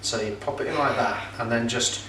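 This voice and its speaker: A middle-aged man with a bright, forceful voice talks through a cooking demonstration in a chatty, joking way, full of ums and uhs. He sounds a little way off the mic, and the kitchen gives his voice a roomy echo. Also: mid-range voice, brisk, distant mic, slight background noise. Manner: chatty, jokey, with filler words. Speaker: pizza kit seller and presenter.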